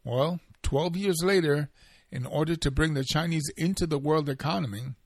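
A man presenting a short scripted opinion segment in a measured, deliberate way. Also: fairly high pitch, no room sound, studio quality.

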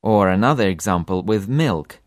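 A man teaching a language lesson for an audiobook, repeating example words slowly with long drawn-out vowels. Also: fairly low pitch, lively intonation, dry recording, clean studio sound.

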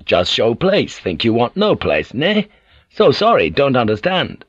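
A man voicing a wary male English sailor who speaks in careful, halting broken phrases. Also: mid-range voice, wildly swooping pitch, breathy edge, dry recording, full character voice. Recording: dull lo-fi audiobook recording.

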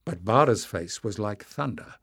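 A man's voice: fairly low pitch, animated, normal speed, gravelly, fairly bright tone, breathy edge, no room sound, clean studio sound. Man narrating a fantasy audiobook. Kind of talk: scripted narration.

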